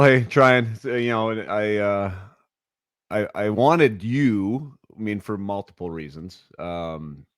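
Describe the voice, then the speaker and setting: A man's voice: sits low, clear, resonant tone, no room sound, studio quality. A man hosting a casual podcast interview, talking informally with frequent restarts. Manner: rambling, informal, with many restarts. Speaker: podcast host.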